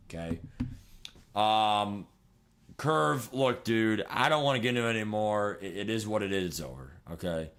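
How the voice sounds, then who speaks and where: A man in his twenties chatting casually on a livestream, rambling and excitable, swearing and laughing as he talks. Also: lowish voice. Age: 20s. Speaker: streamer.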